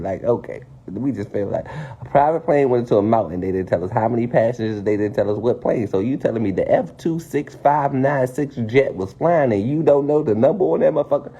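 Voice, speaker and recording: A man ranting casually and profanely to his viewers, spinning a conspiracy with animated, swearing delivery. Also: fairly low pitch, breathy edge. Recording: dull lo-fi stream audio.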